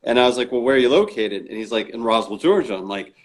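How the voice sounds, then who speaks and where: A man's voice: mid-range voice, expressive, quick pace. Man telling a story, acting out quoted dialogue. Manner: acts out quoted dialogue in his stories; frequent restarts and fillers. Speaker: interview guest, author. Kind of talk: casual storytelling chat.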